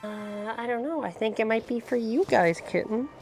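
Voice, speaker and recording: A woman streamer in casual chat with her viewers, playful and dramatic, dropping to whispers and then bursting out loud. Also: on the high side, normal speed, soft background music. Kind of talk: casual chat answering chat questions.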